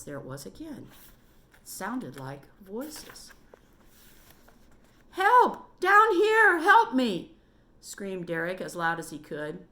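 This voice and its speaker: A woman reading a children's story aloud at a steady, measured pace. Her voice is fairly low yet bright and clear-edged.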